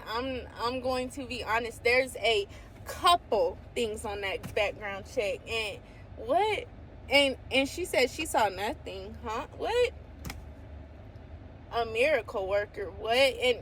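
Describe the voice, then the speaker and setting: A woman talking casually to camera about her faith, excitable and exclaiming often, sometimes reading scripture aloud. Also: fairly high pitch, a little hiss or hum. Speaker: faith vlogger.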